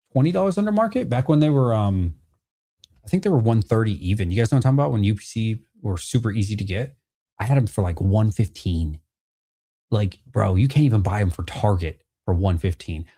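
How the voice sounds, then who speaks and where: A man tells his viewers about a card deal in a loose, animated way, swearing as he goes and playing both people in the haggle. His voice sits low and mellow. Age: adult with a child. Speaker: card vendor and channel host. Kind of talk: casual storytelling to viewers.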